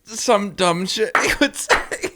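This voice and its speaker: A man's voice: high voice, animated, takes it slowly, heavy background noise. A young man co-hosting a podcast, answering with short, wry remarks in casual chat. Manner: wry, reactive, short interjections. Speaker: podcast co-host.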